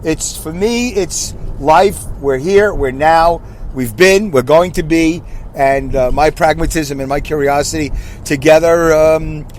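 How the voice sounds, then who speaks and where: A man's voice: fairly high pitch, a little slow, a little hiss or hum. A man in his sixties hosting a casual solo podcast from his car, rambling and correcting himself, and asking listeners questions. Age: 60s. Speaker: podcast host.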